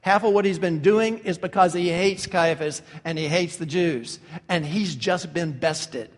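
A male preacher delivers an impassioned sermon in a high, ringing voice. He drives his points home with vivid, emphatic detail, and each line carries long reverb from a large room. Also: measured pace. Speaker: pastor.

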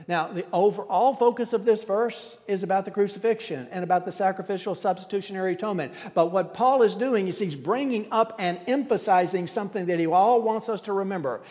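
A man's voice: high voice, a little mellow. A man preaching a sermon as pastor, teaching with emphatic repetition. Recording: long hall reverb.

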